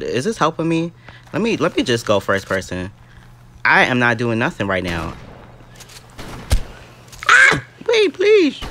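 A man's voice: fairly low pitch, bright, forceful tone, slight background noise. A young man giving dramatic, easily startled commentary on a mobile game as he plays. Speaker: gaming YouTuber.

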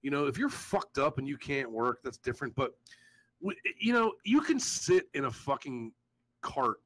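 Profane ranting man with a lively voice. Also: mid-range voice, moderate pace, rough recording. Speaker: show host. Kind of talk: casual livestream chat.

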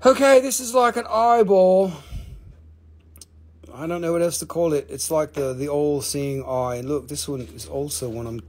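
A man's voice: fairly high pitch, normal speed, a little mellow. A man hosting a live stream to sell crystals, talking casually, swearing freely and counting down each sale.

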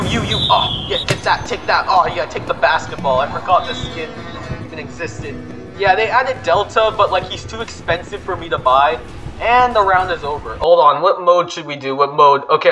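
A man hosting a gaming video, commenting excitably and panicking with repeated words. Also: on the high side, moderate pace, music in the background.

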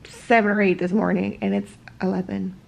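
A woman's voice: mid-range voice, little pitch movement, fairly quick, vocal fry. A woman talking casually to camera at home in her vlog. She is sleepy, blunt and rambling, and she swears freely. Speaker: vlogger.

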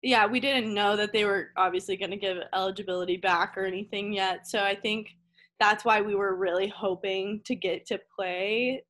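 A woman's voice: mid-range voice, steady tone, moderate pace, fairly bright tone. A young woman, a college tennis player, chatting casually as an interview guest from home over a video call, filling her talk with "like" and laughing easily. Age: young adult.

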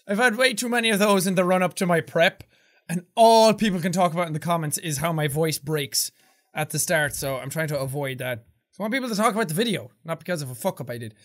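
Bright energetic man with shouted intros. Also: high voice, brisk. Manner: energetic, loud shouted intros, laughs often. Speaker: video game channel host. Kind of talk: recording video intros and outtakes. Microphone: studio mic with pop filter.

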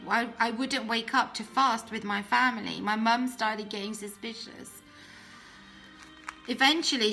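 Bright-voiced woman sharing a heartfelt testimony. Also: a little high. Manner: earnest and heartfelt, with frequent restarts. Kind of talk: personal faith testimony.

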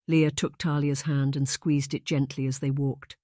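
Dry, even audiobook narrator. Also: mid-range voice, moderate pace, few pauses, no echo. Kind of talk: scripted narration.

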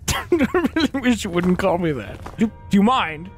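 Man, host, theatrical, mock-polite, high voice, music behind. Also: big pitch swings, measured pace. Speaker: host and player. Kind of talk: comedic game let's-play.

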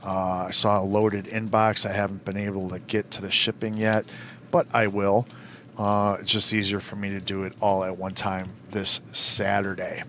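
A man's voice: on the low side, little pitch movement, normal speed, fairly bright tone, a little hiss or hum. A man co-hosting a live trading card show, reading out card pulls in an upbeat, casual way. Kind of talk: live card box break chat.

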